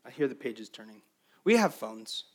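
A man preaching a sermon as pastor, swinging between emphatic raised passages and quiet, intimate stretches. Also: medium pitch, sing-song, moderate pace.

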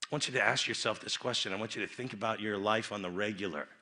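A man preaching a youth rally sermon, dropping into quiet asides and rising to loud emphatic bursts, often repeating and restarting his phrases. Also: on the low side, fast talker.

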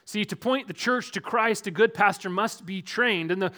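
A man preaching a sermon as pastor in a church, earnest, moving between loud emphasis and quiet, dropped asides. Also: high voice, moderate pace.

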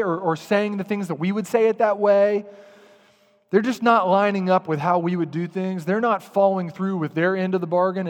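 A man preaching a sermon as pastor, lively and direct, sometimes acting out muttered grumbling. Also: high-pitched, big-room sound. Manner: animated, acts out grumbling voices.

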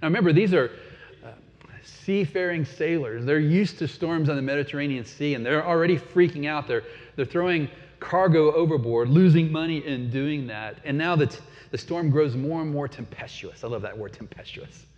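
A man's voice: fairly high pitch, normal speed, darkish tone. A man preaching a sermon in a conversational way, often asking his listeners questions. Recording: dull sound with long hall reverb.

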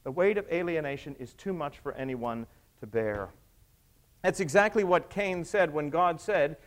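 A man with a high, light voice delivers a sermon. He tells stories with drama, dropping low and soft and then building up again. His delivery is that of a practiced preacher. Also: expressive, normal speed. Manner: dramatic retelling with acted quotes, swinging from hushed to raised.

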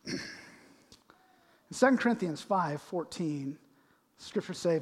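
A man with a high voice preaches a sermon in a church sanctuary that rings with long reverb. He drops to a hush, then swells to loud, and slows right down for scripture. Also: lively intonation, breathy edge. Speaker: pastor. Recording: echoey hall with long reverb.

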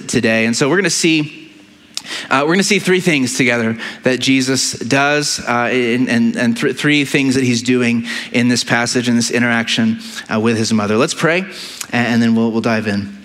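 A male pastor preaching a sermon in a conversational way, often restarting his phrases and filling pauses, with frequent tag questions to the congregation. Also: mid-range voice, fairly even intonation, fairly bright tone. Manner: halting delivery with many fillers and restarts.

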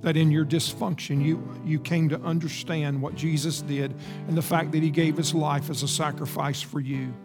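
An earnest male pastor delivers a sermon, measured and full of pauses. His voice sits slightly high, with a gravelly rasp. It rings through a reverberant sanctuary over soft guitar. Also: level tone. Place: church sanctuary. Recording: reverberant hall with faint guitar.

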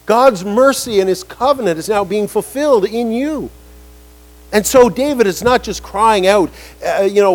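High-voiced animated male preacher. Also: moderate pace, poor audio. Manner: animated preaching, acting out quoted voices, rising emphatic lines. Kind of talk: sermon.

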